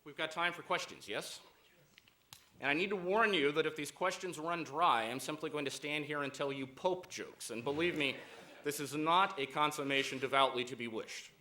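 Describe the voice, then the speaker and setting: Man giving a conference speech, bright forceful voice, lots of uhs. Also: a little high. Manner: deliberate, with frequent "uh" fillers. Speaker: keynote speaker.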